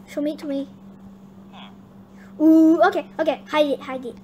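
A young girl hosting her gaming channel, chatting excitably and bossing her teammate around. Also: sits high, fast, highs cut off. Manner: excitable, chatty, bossy toward her partner. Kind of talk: casual gameplay chat. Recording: noisy home recording.

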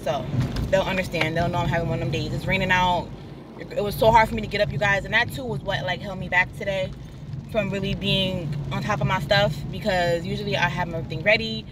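A woman's voice: medium pitch, fairly even intonation, fast, distant mic, background noise. A young woman, a single mom, vlogging outdoors in the rain, unwell and emotional, venting her frustration and then encouraging her viewers. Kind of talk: casual vlog monologue. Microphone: phone held while recording.

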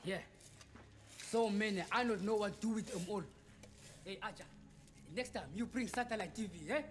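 A man's voice: sits high, normal speed, long reverb tail, background noise, close to an everyday voice. An actor playing a shady male arms dealer who haggles and tags his lines with "huh?". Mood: haggling. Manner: haggling, tag questions like "huh?" and "eh?".

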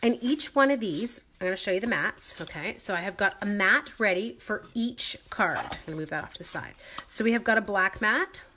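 Hosting a casual craft live stream from home, a woman walks through her supplies in a chatty, upbeat way, joking at her own expense. Her mid-range voice is expressive, brisk and sharp, picked up by a computer or phone mic with slight background noise.

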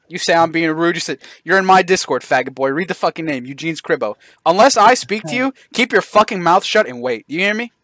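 A man tearing into someone over voice chat, mocking and aggressive, always cutting in. His voice is bright and pointed, it swings up and down, and the sound is close and dry with no room behind it. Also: on the high side, dry recording. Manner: aggressive, mocking, constantly interrupting. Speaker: Discord server host. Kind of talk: heated voice-chat trash talk.

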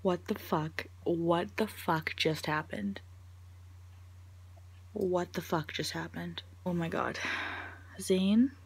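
A woman's voice: lowish voice, steady tone, slow pace, vocal fry, long pauses, slightly rough. A woman reacting in a vlog, gushing and nervous, swearing and often dropping to a whisper, recorded on a phone. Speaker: vlogger. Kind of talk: reaction video. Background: music playing.

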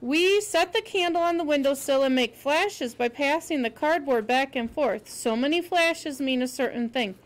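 A woman's voice: sits high, normal speed, few pauses, lightly acted. Woman doing an eager, breathless young girl. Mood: excited. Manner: excited, pleading.

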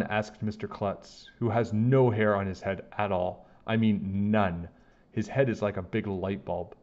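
A man reading a children's chapter book aloud, with animated, expressive storytelling. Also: lowish voice, moderate pace, highs cut off. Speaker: storybook reader.

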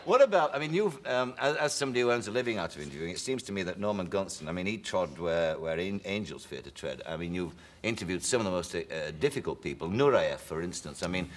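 Low-voiced chat show host. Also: male voice, lively intonation, quick pace, hardly any pauses. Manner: chatty, prompting questions.

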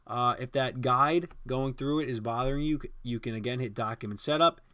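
A man guides viewers through a design program, talking casually and in plain steps. His voice sits in an ordinary middle pitch. The sound is close and dry, with almost no room echo. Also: normal speed, sharp tone, smooth. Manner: casual, step-by-step instruction with fillers. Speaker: design tutorial host. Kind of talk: screen-recorded software tutorial.

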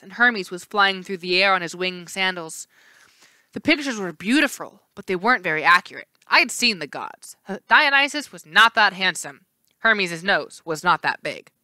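A woman teacher reading a novel aloud in a steady storytelling voice with small slips. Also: mid-range voice, no echo.

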